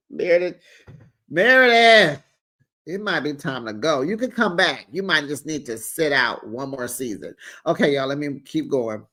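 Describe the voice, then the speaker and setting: A reality TV recap host giving casual, animated commentary in a colloquial style, talking straight to viewers and mimicking cast members. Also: mid-range voice, moderate pace.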